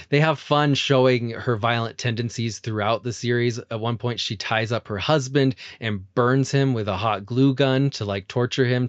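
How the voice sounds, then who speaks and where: A man hosting a casual film podcast who laughs often and retells scenes with animated energy. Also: mid-range voice, no echo, lo-fi sound. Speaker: podcast host.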